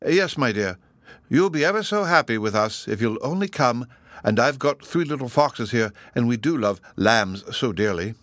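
A man's voice: mid-range voice, animated, normal speed, fairly bright tone, no room sound, close to an everyday voice. A man voicing a sly old fox who sweet-talks in a storybook tale. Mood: wheedling. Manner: smooth, wheedling.

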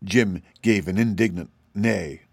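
A man reading a children's storybook aloud in steady, measured narration. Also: low-pitched, gravelly, breathy edge, no room sound, clean studio sound. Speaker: audiobook reader. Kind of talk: scripted narration.

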